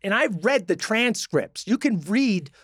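High-voiced man telling stories with many restarts. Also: big pitch swings, unhurried, fairly bright tone, no room sound, clean studio sound. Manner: storytelling with many restarts, acting out quoted people. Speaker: podcast co-host. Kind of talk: casual political chat.

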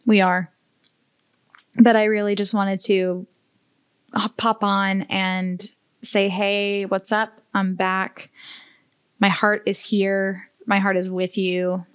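Woman, podcast host, slow earnest delivery, candid and emotional, casual swearing. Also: mid-range voice, little pitch movement, smooth, no echo. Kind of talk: heartfelt solo podcast talk.

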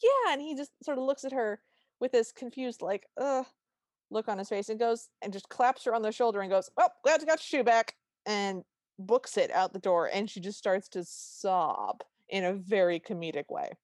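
With a mid-range voice at a moderate pace, a woman co-hosts a podcast and recaps an episode in casual conversation. She's an animated storyteller who acts out quotes as she goes. The recording is clean studio sound without any room tone.

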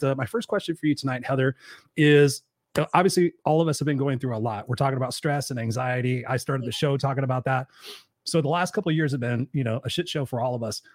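A man's voice: medium pitch, dry recording, studio quality. A man hosting a casual live talk show, rambling loosely through stories and swearing freely. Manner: loose, profane, rambling storyteller. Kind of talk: casual live-stream chat.

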